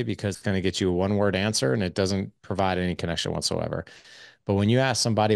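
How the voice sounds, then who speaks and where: A man's voice: lowish voice, fast talker, creaky, no echo, studio quality. A man in his forties, a parenting coach on a podcast, talking casually and with energy, acting out bits of dialogue as he goes. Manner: energetic, acts out quoted dialogue; casual, swears lightly. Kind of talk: casual interview conversation.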